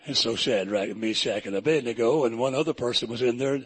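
A man's voice: medium pitch, fairly quick, husky. A man preaching a folksy, humorous sermon built around stories.

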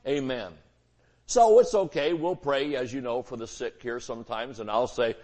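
A man's voice: mid-range voice, normal speed, darkish tone. A man preaching a sermon as pastor, folksy and conversational, with homespun illustrations.

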